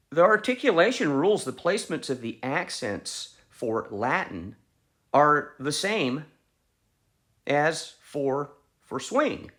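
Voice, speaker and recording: Man teaching music, lively pitch. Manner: explanatory, restarts with repeated words. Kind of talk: online music lesson.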